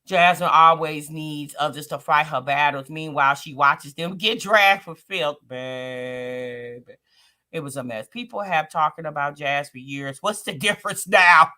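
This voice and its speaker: A woman's voice: sits low, measured pace, bright, forceful tone. A woman hosting a casual commentary live stream, gossiping in a sassy, slangy way and reading out chat comments. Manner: slangy, calls people sis and honey. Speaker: commentary channel host.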